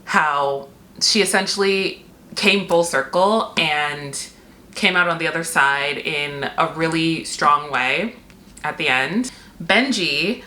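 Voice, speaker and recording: Low-voiced chatty woman vlogger. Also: sharp tone. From Seattle. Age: 30s. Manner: chatty, candid, swears and laughs easily. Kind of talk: casual vlog chat. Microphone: camera mic, external mic not used. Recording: echoey room with faint noise.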